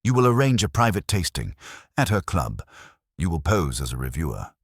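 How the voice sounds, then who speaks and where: A man reading as Nero Wolfe, deep and formal. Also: big pitch swings, normal speed, gravelly, slightly rough, dry recording, clean studio sound, heavily acted. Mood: commanding. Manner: formal, clipped pronouncements. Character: stout, imperious male detective, commanding.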